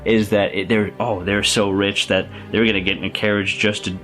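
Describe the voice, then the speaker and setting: A man's voice: on the low side, little pitch movement, brisk, fairly bright tone, soft background music. A young man casually reviewing a favorite film in a rambling, enthusiastic vlog, full of fillers and restarts. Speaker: youtuber.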